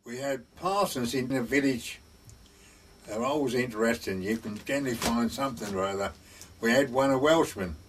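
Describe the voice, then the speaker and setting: A man's voice: medium pitch, normal speed, recorded from a distance, background noise. An older man telling village anecdotes in a chatty way, with dry humor. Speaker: village storyteller. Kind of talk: oral-history storytelling.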